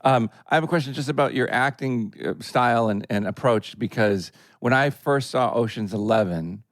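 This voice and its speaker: A man's voice: mid-range voice, normal speed, no room sound. A middle-aged man co-hosting a casual podcast, eager and talkative. His questions wander before landing, with constant yeahs of agreement. The sound is dry and close. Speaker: podcast co-host. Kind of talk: casual chat.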